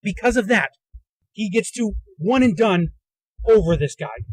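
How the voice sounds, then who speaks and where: This podcast host, a man, speaks in a high, expressive, slightly rough voice at a measured pace while delivering a heated, foul-mouthed solo rant from inside a moving car. A handheld recorder in the car captures it, and the audio is dry and rough.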